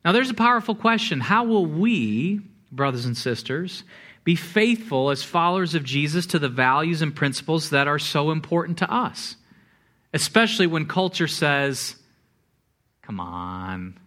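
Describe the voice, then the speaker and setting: Animated higher-voiced male preacher. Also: moderate pace. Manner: animated preaching with repeated words and quoted asides. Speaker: pastor. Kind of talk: sermon.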